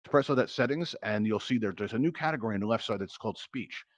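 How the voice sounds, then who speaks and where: A man's voice: on the low side, expressive, fast, no echo. A man hosting a live game show in virtual reality, an upbeat showman hyping up the crowd through a headset mic. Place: virtual reality social app.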